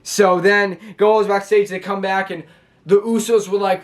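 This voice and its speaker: A man with a high voice talks through a show recap for his vlog. He rambles in a loose, casual way, full of restarts and fillers. He is filmed at home on his own camera. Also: fairly even intonation, measured pace. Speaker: wrestling show reviewer.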